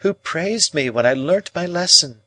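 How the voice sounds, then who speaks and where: A man reading an audiobook voices a cold, proud young woman with a measured, coolly reasoning delivery. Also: fairly high pitch, animated, pushed and bright, no echo, pitched above the performer's own voice, heavily acted.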